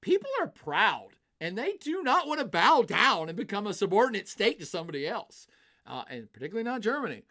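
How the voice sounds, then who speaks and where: A man giving casual live-streamed political commentary, chatty and animated, reading viewer comments and acting out quoted nations. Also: sits high, brisk.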